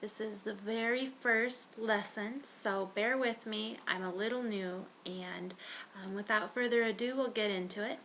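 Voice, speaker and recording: A young American woman giving a casual beginner language lesson, chatty and friendly, slowing down to sound out each word. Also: medium pitch, a bit bright, a little hiss or hum. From United States. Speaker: language teacher.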